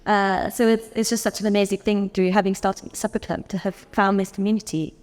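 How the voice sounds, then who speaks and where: A woman's voice: medium pitch, level tone, darkish tone. Eager woman panelist in a reverberant hall. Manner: enthusiastic, halting with fillers. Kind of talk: conference panel answer. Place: conference hall.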